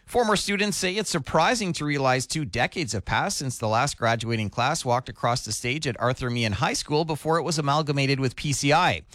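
A male radio news anchor reading a scripted local newscast in a steady, measured delivery. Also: medium pitch, no echo, clean studio sound.

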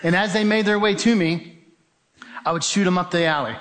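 A man with a fairly high voice tells a dramatic testimony. He acts out shouts and quoted voices as he goes. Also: fairly even intonation, fairly quick. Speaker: speaker sharing a testimony. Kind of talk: spoken testimony to an audience.

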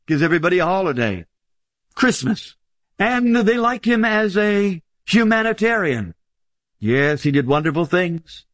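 A man preaching a sermon in an emphatic style, lifting his voice for stress and slowing down on key phrases. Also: big pitch swings, fairly bright tone, no room sound. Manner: emphatic, swings pitch widely for stress, slows on key phrases.

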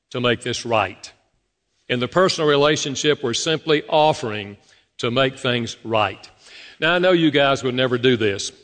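A man preaching to his congregation in an animated storytelling style, his voice ringing with a long hall reverb. He sits at a middle pitch and talks straight to the folks in the pews. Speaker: pastor. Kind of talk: sermon.

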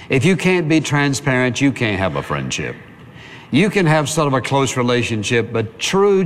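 A man's voice: mid-range voice, slight background noise. Man preaching in a reverberant room. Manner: plain-spoken and conversational, with repetition for emphasis. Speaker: pastor. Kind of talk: sermon.

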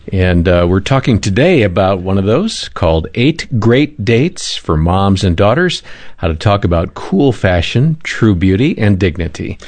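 Smooth low-voiced male co-host. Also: darkish tone. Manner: smooth, measured announcing. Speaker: radio co-host. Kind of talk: show introduction.

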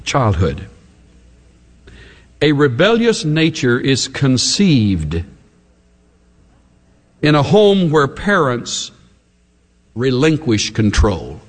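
A man preaching a sermon, dramatic, acting out the voices he quotes with big swings in pitch. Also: huge pitch swings, extremely slow, pauses often. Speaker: pastor. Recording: long reverb of a large hall.

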